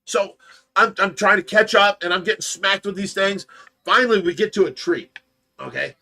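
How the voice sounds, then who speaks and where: A man hosting a livestream, telling a story in a casual, animated way and acting out the voices. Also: high-pitched, moderate pace, vocal fry. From United States. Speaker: livestream host of a fish rescue.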